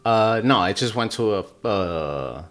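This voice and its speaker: A man's voice: on the low side, animated, measured pace, a bit bright. A man telling his own story as a podcast guest in casual chat, rambling with lots of fillers and swearing. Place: podcast studio.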